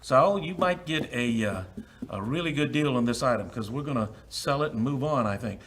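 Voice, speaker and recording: A man working as an auctioneer at a live charity auction, repeating the asking price in steady runs with many filler sounds. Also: medium pitch, moderate pace.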